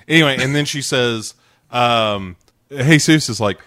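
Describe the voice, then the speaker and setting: A man's voice: medium pitch, measured pace, pushed and bright, no echo. A man in casual podcast chat, recapping a TV scene in a playful way and often laughing.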